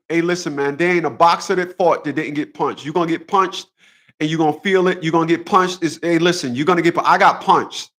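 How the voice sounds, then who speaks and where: In a high-pitched, fairly bright voice, a man running his own channel delivers a relaxed but combative monologue on boxing. Blunt and foul-mouthed, he keeps repeating lines for emphasis.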